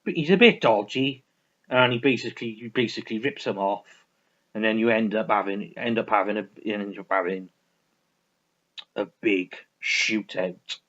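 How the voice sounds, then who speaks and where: A man's voice: on the low side, moderate pace, a bit bright. A man rambling through a casual film review, restarting sentences and swearing freely. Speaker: vlogger reviewing films. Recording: dull lo-fi recording.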